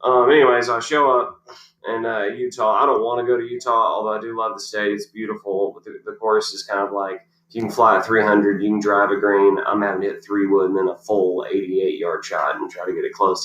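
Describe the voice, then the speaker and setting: A man's voice: lowish voice, a bit bright. A man, a professional golfer on a podcast as the guest, telling long casual stories with lots of fillers and restarts. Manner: rambling anecdotes with many fillers and restarts. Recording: roomy echo.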